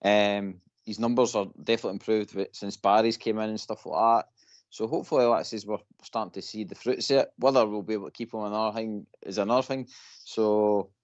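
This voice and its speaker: A man's voice: fairly low pitch, fairly even intonation, brisk, no echo, muffled recording. A Scottish man calling in to a fan radio show, rambling and repeating himself. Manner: repetitive, keeps saying "like I says". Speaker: caller. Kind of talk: phone-in chat.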